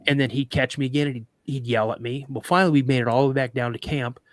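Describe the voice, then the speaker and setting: Brief: male talk show guest, dramatic storyteller, stammers, mid pitch, dry sound. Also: fast, dry recording. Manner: vivid, dramatic retelling with stammered restarts.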